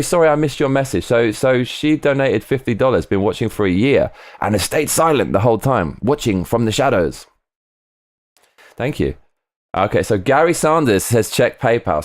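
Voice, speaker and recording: A man chats casually on a live stream, reading viewer comments aloud. He is excitable, swears a lot, and repeats himself, speaking at medium pitch and normal speed.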